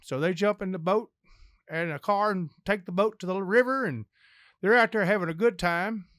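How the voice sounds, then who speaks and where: A man's voice: high-pitched, moderate pace, a bit bright, no echo, studio quality. An older man, a podcast guest, telling long folksy jokes in a rambling storyteller's way.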